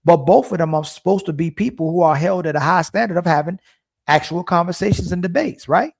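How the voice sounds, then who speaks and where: A man hosting a stream reacts to a clip with indignant, repetitive commentary, stopping now and then to hunt for words. His voice sits high and sounds gravelly.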